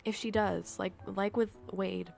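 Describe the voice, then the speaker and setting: A tired young woman chatting casually in a vlog, ranting in a dramatic, exaggerated way with low energy. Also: fairly even intonation, a little slow, vocal fry, a little mellow, faint music behind. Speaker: video creator. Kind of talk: casual gaming vlog chat.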